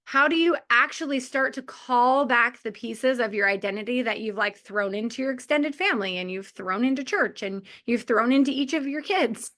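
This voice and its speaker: A woman's voice: a little high, moderate pace, few pauses, a bit bright. A woman in her forties giving a heartfelt motivational talk to a community of mothers, chatty and full of "like" and small laughs. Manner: chatty, lots of filler "like", laughs often.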